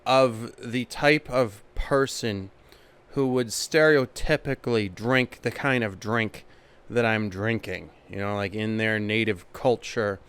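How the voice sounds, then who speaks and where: A man doing a casual, deadpan comedy monologue. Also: mid-range voice, clear, resonant tone.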